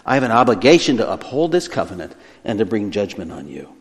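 A man preaching a sermon as pastor, earnest, slowing and softening when he voices God's words. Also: fairly low pitch, very animated. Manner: earnest preaching, slows down and drops quieter for quoted words of God. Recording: long hall reverb.

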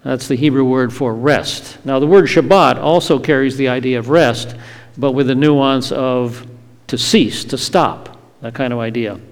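A man giving an evening Bible teaching in a measured, explanatory way, reading scripture aloud. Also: medium pitch, long reverb tail. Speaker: Messianic teacher.

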